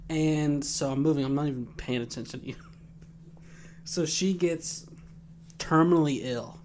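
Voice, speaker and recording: A man hosting a comedy podcast, telling crude stories loudly with deadpan punchlines. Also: on the high side, normal speed, a little hiss or hum. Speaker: podcast host. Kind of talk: comedic casual chat and storytelling.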